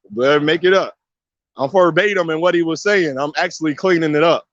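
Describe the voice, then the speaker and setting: A man talks in a casual monologue, pressing each point again and again and firing rhetorical questions at the listener. His voice sits a little high for a man. The recording is muffled and dull, with a dry, close sound and no room echo. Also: moderate pace, a bit bright. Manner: emphatic, repetitive, drives points with rhetorical questions. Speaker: video commentator.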